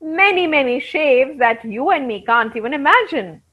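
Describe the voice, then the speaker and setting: Animated woman storyteller for kids. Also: sits high, normal speed. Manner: animated, addresses the children directly. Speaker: storyteller for children. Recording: dull lo-fi recording.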